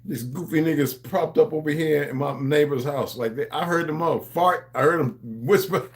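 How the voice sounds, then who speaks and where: A man's voice: a little high, normal speed, hardly any pauses. A man hosting a livestream, talking in a loose, rambling monologue. He preaches to his viewers in street slang and calls them beloved. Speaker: livestream host.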